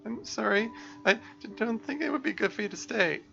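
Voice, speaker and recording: A man voicing an anxious, self-loathing teenage schoolgirl in a high, strained, tearful voice. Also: lively intonation, a little fast, gravelly, pushed and bright, muffled recording, faint music behind, exaggerated voice. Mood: pushing away.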